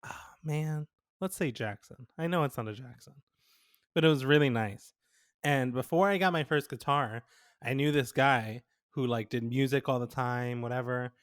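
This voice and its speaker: A man's voice: medium pitch, moderate pace, dry recording, studio quality. Laughing young man telling a story. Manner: animated storyteller, laughs often, quotes people. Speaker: podcast co-host. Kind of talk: casual chat.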